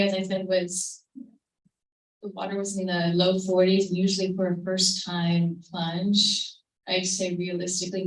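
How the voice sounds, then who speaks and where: A woman giving a reflective storytelling talk to a live audience at a creative event, telling a story gently and quoting what she said along the way. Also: on the low side. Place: event venue, roomy hall. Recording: roomy livestream audio from a distance.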